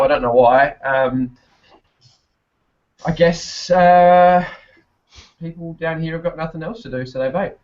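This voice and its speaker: Swearing Aussie bloke, muffled lo-fi audio. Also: male voice, medium pitch. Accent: South Australian. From Australia. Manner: heavy swearing, laughs often, rambling anecdotes. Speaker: podcast guest. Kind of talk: casual chat.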